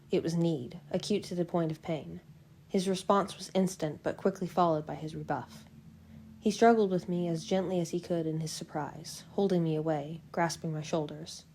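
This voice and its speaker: A woman reading a novel aloud in the first person, in a steady, unhurried way. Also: lowish voice, a little hiss or hum. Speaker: fan audiobook reader.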